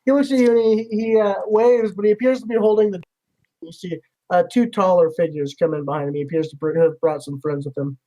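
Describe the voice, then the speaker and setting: A man's voice: high voice, fairly even intonation, brisk, warm tone, lo-fi sound. A man narrating a tabletop game as game master in a loose, rambling way, full of fillers.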